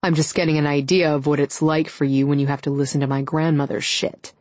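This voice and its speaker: A man's voice: a little high, little pitch movement, fairly quick, darkish tone, no room sound, natural voice. A woman reading the lines of a tense, possessive male werewolf in an audiobook, curt and restrained.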